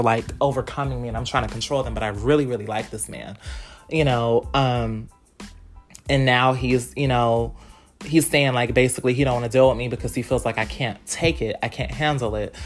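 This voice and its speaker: Low-voiced woman, frank and slangy. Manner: frank and explicit, slangy, talks straight to listeners. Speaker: podcast host. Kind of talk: candid casual monologue.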